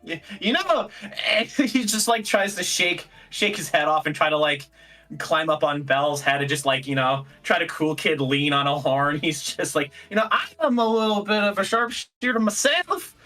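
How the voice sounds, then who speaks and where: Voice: medium pitch, moderate pace, bright, forceful tone, faint music behind. A player at a tabletop game, giggling often while playing a starstruck young fan. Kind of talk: tabletop role-play, in and out of character.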